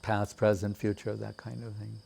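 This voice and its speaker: A man giving a measured, reflective devotional talk with many pauses. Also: lowish voice, completely flat delivery, vocal fry, darkish tone, breathy edge. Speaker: spiritual teacher. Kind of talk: devotional discourse.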